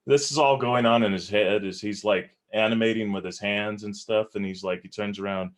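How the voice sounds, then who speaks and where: A man narrating his character's actions in a tabletop role-play. His voice is very deep, and he tells the action in a lively way. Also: moderate pace, few pauses. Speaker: player.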